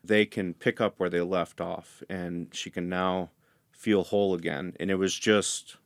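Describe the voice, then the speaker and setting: A man's voice: sits low, level tone, unhurried, no room sound. A man telling an earnest, emotional story as an interview guest who teaches dads to do hair. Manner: earnest, emotional, laughs softly.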